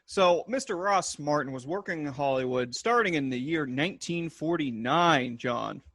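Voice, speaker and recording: Higher-voiced male podcast co-host. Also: animated, normal speed, fairly bright tone, no room sound. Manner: enthusiastic, list-like delivery. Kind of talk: casual chat.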